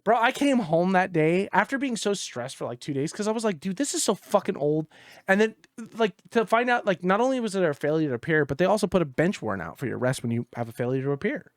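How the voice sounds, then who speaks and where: Swearing and fed up, a male gaming-podcast co-host tells a story at a fast clip with lively intonation, going low-voiced for the quotes. It's casual talk in clean studio sound with no echo.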